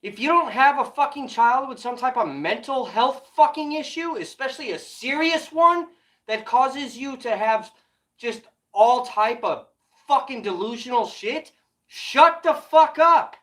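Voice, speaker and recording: A woman livestream host delivers a heated commentary rant, scolding her viewers with constant swearing. Her voice sits a little high for a woman, and she talks in blunt, exasperated bursts. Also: measured pace.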